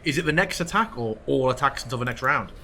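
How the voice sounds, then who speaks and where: A man acting as game master, narrating combat in a relaxed, playful way. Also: mid-range voice, fast, soft background music. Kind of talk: running a tabletop game online.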